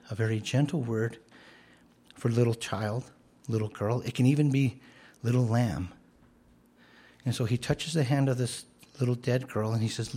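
Husky guy preaching, earnest, gets loud and emphatic then goes soft again. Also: medium pitch. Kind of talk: sermon.

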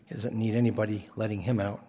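A man's voice: on the low side, little pitch movement, quick pace, dark tone. A man preaching a sermon as pastor, emphatic and often repeating his first words as he starts a phrase.

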